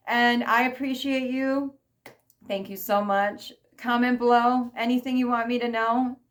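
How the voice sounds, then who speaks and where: A middle-aged woman ranting in a vlog monologue, emphatic and repetitive, often checking in with "okay?". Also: on the high side. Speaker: vlogger.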